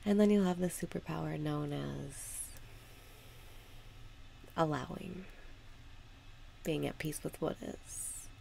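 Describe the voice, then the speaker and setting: A woman guiding a meditation with calm, unhurried spoken instructions. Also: low-pitched, gravelly, slight background noise. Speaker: meditation guide. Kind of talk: guided meditation.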